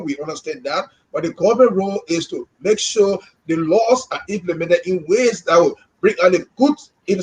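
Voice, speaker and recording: A man's voice: sits high, low-quality recording. A man with a Liberian English accent co-hosting a live podcast, speaking with passion and often repeating words as he gets stirred up. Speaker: co-host.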